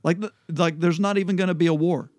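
A man hosting a casual Bible study chat, explaining scripture in a relaxed way with frequent ums and restarts. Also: sits high, quick pace, no echo.

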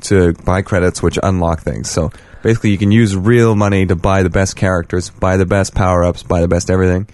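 A young man hosting a podcast in a casual chat, sardonic and deadpan, swearing often. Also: deep voice, fairly quick, hardly any pauses. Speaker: podcast host.

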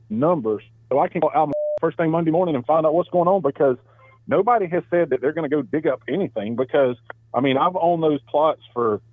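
A man's voice: fairly high pitch, no echo. Firm older man on a tinny phone. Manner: firm, insistent, businesslike. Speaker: prank call target.

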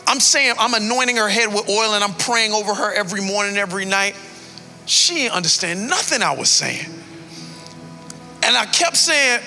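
A man's voice: high-pitched, lively intonation, moderate pace, bright, forceful tone, faint music behind. A man in his thirties, a pastor telling a personal story in a sermon, emotional and building to a preaching cadence.

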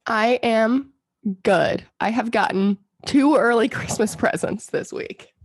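A woman's voice: fairly high pitch, slow, dry recording, studio quality. A woman co-hosting a podcast in casual chat, sounding groggy from a strained throat, telling stories with lots of fillers and laughs. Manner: chatty storyteller, laughs often, many fillers. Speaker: podcast co-host.

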